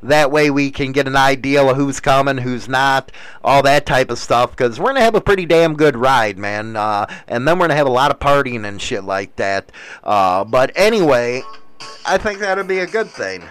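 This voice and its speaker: A man's voice: mid-range voice, expressive, moderate pace, a bit bright, clear, resonant tone, dry recording, faint music behind, low-quality recording. An older man hosting a show, delivering a blunt, crude, ranting monologue in casual talk.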